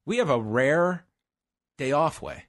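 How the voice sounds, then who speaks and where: A man's voice: on the high side, expressive, slow. A man co-hosting a podcast, telling rambling, jokey stories in casual chat. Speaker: podcast co-host.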